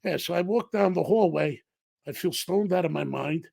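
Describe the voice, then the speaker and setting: A middle-aged man, a podcast guest, telling a story in an animated way and acting out the dialogue. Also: on the high side, normal speed, vocal fry, dry recording.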